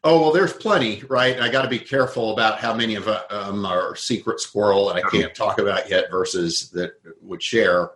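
A man's voice: fairly low pitch, moderate pace, few pauses, fairly bright tone, reverberant, low-quality recording. A man giving a conversational interview, thoughtfully explaining his ideas through worked examples. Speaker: guest.

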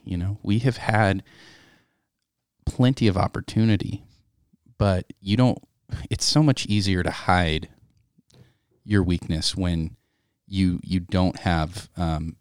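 A man co-hosting a faith conversation, speaking in a measured, reflective way and reading scripture aloud. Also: sits low, dry recording, clean studio sound.

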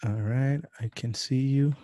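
Young guy hosting a podcast on a video call, animated, dry close sound. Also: mid-range voice, a little slow, dry recording. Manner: animated, acts out quotes in a raised voice. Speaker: podcast host. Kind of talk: casual interview chat.

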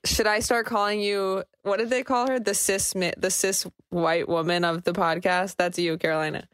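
A woman's voice: medium pitch, steady tone, normal speed, a bit bright, smooth, no room sound. A young woman co-hosting a podcast in casual chat, riffing sarcastically and acting out quoted asides. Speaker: podcast co-host.

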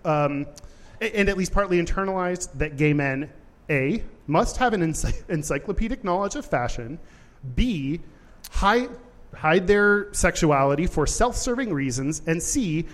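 High-voiced man retelling a movie. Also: unhurried, big-room sound. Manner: animated storyteller, swears, laughs often. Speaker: podcast co-host. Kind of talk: casual comedic chat.

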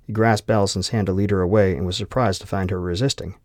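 Low-voiced male audiobook narrator. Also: steady tone, fast talker, darkish tone, dry recording, clean studio sound.

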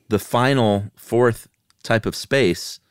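A man co-hosting a podcast, chatting casually in a relaxed, jokey way. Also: mid-range voice, extremely slow, dry recording, studio quality. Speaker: podcast co-host. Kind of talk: casual chat.

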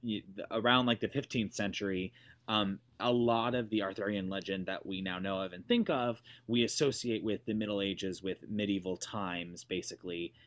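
Guy from oklahoma cohosting, teasing, low but really bright voice. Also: moderate pace. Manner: teasing, lots of likes and restarts. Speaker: podcast co-host. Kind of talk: casual chat.

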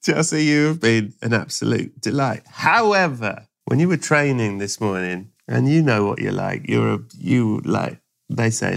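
A man's voice: fairly low pitch, moderate pace, vocal fry. A man hosting a podcast, spinning absurd comic stories and acting out voices. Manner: playful, spins absurd scenarios, acts out voices. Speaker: podcast host. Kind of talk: comic improvised storytelling.

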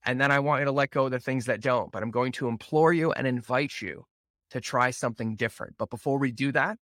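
A man at a middle pitch hosts a solo motivational podcast. He speaks in an earnest, emphatic way and repeats words for weight. The sound is close and dry, with no room around it. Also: fast, fairly bright tone, no room sound. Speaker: podcast host.

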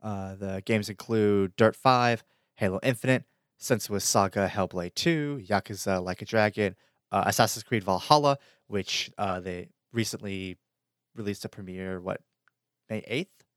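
A young man hosts a casual gaming podcast, his voice on the low side and recorded close and dry. He talks loosely, pausing on fillers and laughing easily. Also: dry recording. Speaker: podcast host. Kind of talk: casual chat.

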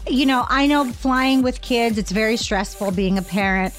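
A woman co-hosting a radio show, chatting casually and dropping dry, quick asides. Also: on the high side, soft background music. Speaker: radio co-host.

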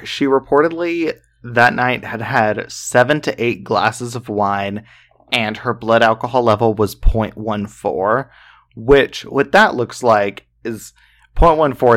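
A man's voice: mid-range voice, a bit bright. A man co-hosting a podcast, telling a true-crime story in a loose, chatty way full of fillers and swearing. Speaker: podcast co-host.

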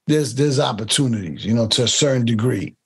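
A man's voice: mid-range voice, expressive, fairly quick, breathy edge. Man talking through an interview, rambling. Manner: rambling, repeats words while finding his point; mimics other people's accents while telling stories. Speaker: casting director. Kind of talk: casual interview conversation.

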